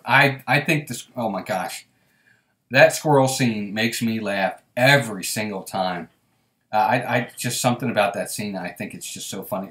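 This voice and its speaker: A man's voice: medium pitch, fairly bright tone, roomy sound. A man hosting a casual live stream, chatting and laughing often as he reads viewer comments aloud. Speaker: host.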